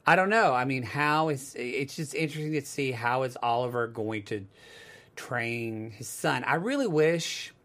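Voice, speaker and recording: A man co-hosting a relaxed after-show, talking in long, rambling runs. He is animated and keeps acting out quoted lines in a put-on drawl, with a mid-range voice. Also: medium pitch, moderate pace. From United States. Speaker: co-host. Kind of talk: casual TV recap chat.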